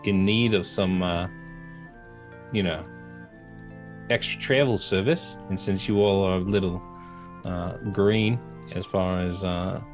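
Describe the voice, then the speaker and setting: A man's voice: deep voice, steady tone, takes it slowly, long pauses, faint music behind. A man playing a tabletop role-playing game, speaking in character hesitantly with many fillers. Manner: hesitant, many uhs and you-knows. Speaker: player.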